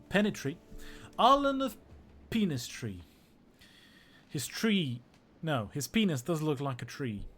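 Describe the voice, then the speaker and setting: A man livestreaming a strategy game, his pitch lively and bouncing up and down as he jokes. He chats with his viewers in a loose, casual way, and music plays steadily behind his voice. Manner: joking, chatty, talks to viewers. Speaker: historian streaming a strategy game.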